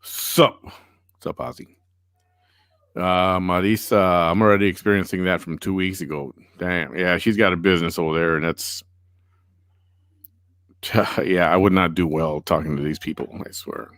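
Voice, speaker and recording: A man's voice: deep voice, steady tone, moderate pace, pauses often, a bit bright, no echo, studio quality. A male podcast host chatting casually and reading out viewer comments, wry and sarcastic.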